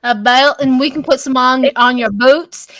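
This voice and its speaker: A woman's voice: high voice, normal speed, fairly bright tone, no room sound. A woman joking playfully in a group chat.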